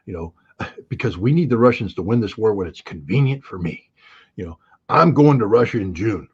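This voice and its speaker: Middle-aged American man, husky voice, blunt and sarcastic, heated political talk, dull lo-fi remote audio. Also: fairly low pitch, animated, a little fast. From United States. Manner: blunt, sarcastic, quotes others in mocking voices. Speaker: interview guest, commentator.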